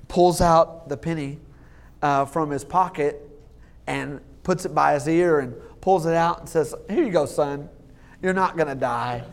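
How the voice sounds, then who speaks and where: A man serving as lead pastor preaches a sermon in a fairly high voice, cracking jokes and laughing at them himself. His delivery halts often, full of fillers and restarts.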